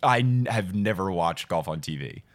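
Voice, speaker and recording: A man's voice: low voice, animated, dry recording. A man hosting a podcast, joking back at his co-host in a playful, defensive way. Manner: playful, defensive, quick comebacks. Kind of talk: casual chat.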